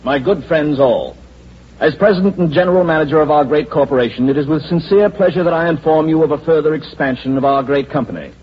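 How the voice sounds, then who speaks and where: An actor playing a smooth, scheming male company president who mocks those around him, in 1940s radio acting on a dull lo-fi old radio recording. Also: a little high, expressive, quick pace. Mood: smug. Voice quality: suave, sneering, condescending. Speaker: corporate president.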